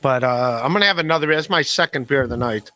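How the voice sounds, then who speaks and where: A man hosts a casual podcast livestream, reading chat messages in a rambling, self-deprecating way, laughing often and stammering on repeated words. His mid-range voice is fast, pushed, and bright.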